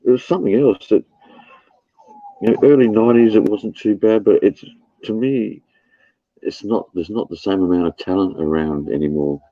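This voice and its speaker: A man's voice: sits low, no echo, muffled recording. A man hosting a livestream, chatting casually, swearing and laughing often. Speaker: livestream host. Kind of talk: casual chat.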